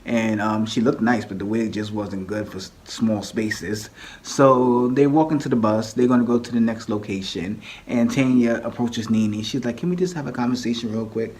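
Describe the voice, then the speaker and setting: A man's voice: fairly low pitch, moderate pace, darkish tone. A man casually recapping a reality TV episode, chatty and laughing often, acting out the quoted lines.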